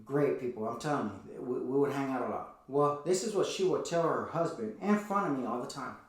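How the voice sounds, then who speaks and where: A man giving an earnest motivational teaching talk, asking repeated rhetorical questions. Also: fairly high pitch. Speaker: motivational speaker. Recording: very echoey room, voice from a distance.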